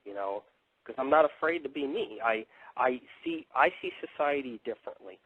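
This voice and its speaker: A man hosts a live internet radio show, delivering a rambling, profane, combative monologue. His husky mid-range voice is expressive and moves at a moderate pace. The audio is dry and tinny, like a phone line.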